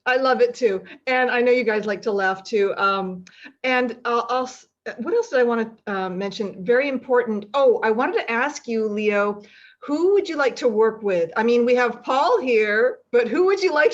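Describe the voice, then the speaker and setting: A woman's voice: a little high, animated, normal speed. A woman hosting a casual talk show, upbeat and playful as she moves the talk along. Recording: dull lo-fi audio.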